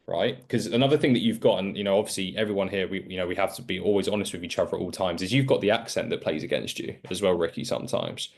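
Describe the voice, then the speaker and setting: A man with a very low voice coaching a student on a call. He is frank and direct, and he chains his advice into long run-on explanations. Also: quick pace, creaky, hardly any pauses. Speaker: sales coach.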